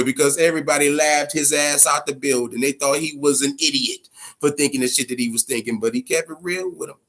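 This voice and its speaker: A man hosting a boxing commentary vlog, ranting casually in a profane, blunt, animated way. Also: fairly high pitch. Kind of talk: casual opinion rant.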